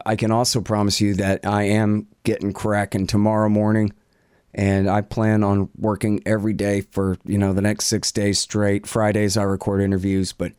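Rambling, low-voiced male podcast host. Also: a little mellow, clear, resonant tone, no room sound, studio quality. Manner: rambling, profane, self-deprecating, lots of fillers. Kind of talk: casual Q and A chat. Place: home office.

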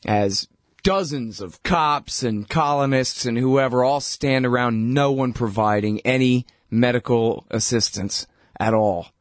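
A man's voice: medium pitch, no echo. Guy hosting a radio show, blunt and fired up, lots of uh's, mid voice, dead dry mic. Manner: blunt, heated, conversational with many fillers. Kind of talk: opinionated political commentary.

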